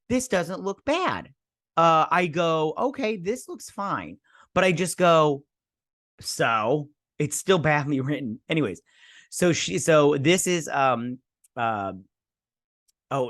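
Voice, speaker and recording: Male host, sarcastic rambling reviewer, mid-pitched, dry close sound. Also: a bit bright, no room sound. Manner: rambling, sarcastic, lots of fillers and restarts. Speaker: show host reviewing a TV episode. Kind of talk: casual spoken review.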